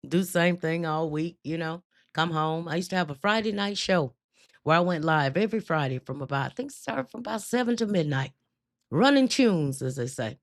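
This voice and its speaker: A woman hosting a live stream tells her personal testimony in a relaxed, storytelling way. Her voice sits a little low. She acts out her own past words with loose, everyday dialect. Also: fairly quick. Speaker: host.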